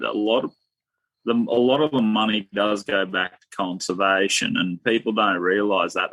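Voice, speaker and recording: A man's voice: lowish voice, sharp tone, no room sound, low-quality recording. A man talking bluntly and with strong opinions in a casual podcast chat, filling his talk with "and that". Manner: blunt, opinionated, drawling fillers. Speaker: podcast guest.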